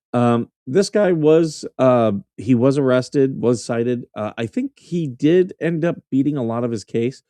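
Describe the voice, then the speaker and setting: A man's voice: mid-range voice, a little slow, dark tone, no room sound. A man hosting a casual news commentary show, blunt and mocking, swearing freely as he reacts to clips. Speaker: host.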